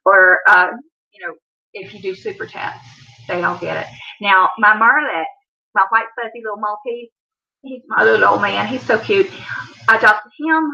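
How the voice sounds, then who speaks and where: A Southern-accented woman hosts a casual livestream in a bright, forceful, mid-range voice. She chats and rambles, addressing viewers by name, over dull lo-fi stream audio.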